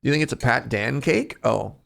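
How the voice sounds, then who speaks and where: A male streamer chats with his audience in a loose, joking manner and laughs often. His voice has a gravelly edge and swings widely in pitch. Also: very animated, moderate pace, fairly bright tone. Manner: jokey, chatty, reads chat aloud and laughs often. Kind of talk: casual live-stream chat.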